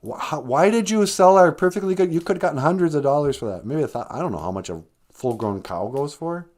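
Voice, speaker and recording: A man's voice: mid-range voice, very animated, fairly quick, darkish tone. A man voicing an exasperated, poor mother who nags and scolds her son in a told folktale. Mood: scolding. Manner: scolding, nagging.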